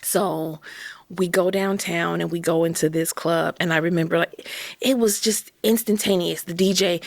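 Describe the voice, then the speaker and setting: A woman's voice: lowish voice, normal speed, gravelly, no echo, studio quality. A woman from Chicago, a podcast guest telling her story with emotion and acting out quotes. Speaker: interview guest. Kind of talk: candid podcast conversation.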